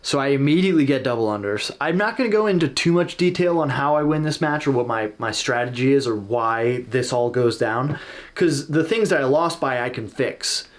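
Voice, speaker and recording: A man's voice: medium pitch, lively intonation, brisk. A man hosting a casual reaction video, talking candidly and self-deprecatingly about his own match footage.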